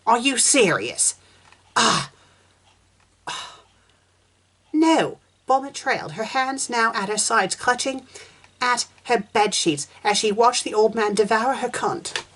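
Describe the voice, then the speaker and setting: A woman's voice: a little high, slow pace, fairly bright tone. A woman reviewer reading fan fiction aloud, breaking in with sarcastic, exasperated comments.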